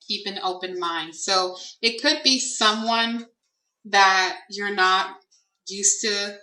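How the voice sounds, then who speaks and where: Bright-voiced woman musing through a reading. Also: medium pitch, slow. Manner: musing and hesitant, asking Spirit aloud, many fillers. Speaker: tarot and oracle card reader. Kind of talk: casual spoken card reading. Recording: echoey room, distant mic, faint noise.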